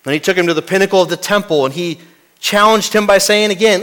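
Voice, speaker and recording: A man preaching a sermon as pastor, dramatic, dropping from loud to hushed and asking the congregation rhetorical questions. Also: sits high, fast talker.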